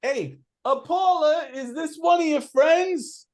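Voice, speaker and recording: A man's voice: very high-pitched, big pitch swings, takes it slowly, fairly bright tone, voice pushed up, exaggerated voice. A man voicing a pushy middle-aged human man with a used-car-salesman air, barking suspicious questions. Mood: brash.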